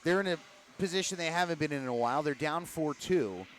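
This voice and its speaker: A man announcing a hockey game from an arena booth, recapping the action in a measured, explanatory way. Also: a little high, fairly bright tone, a little hiss or hum, poor audio. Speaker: play-by-play announcer. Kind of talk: hockey broadcast commentary.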